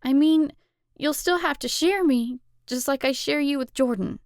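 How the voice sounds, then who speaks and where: Brief: earnest anxious teen girl, read by a woman, higher and emphatic. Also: normal speed, no room sound, clean studio sound. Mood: reassuring. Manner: emphatic, pleading delivery.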